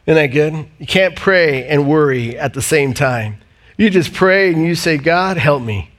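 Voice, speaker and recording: Male pastor, sermon delivery, a touch high-pitched, dynamic swings from loud to hushed. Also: measured pace. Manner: animated preaching, swinging from loud emphatic highs to low quiet reading.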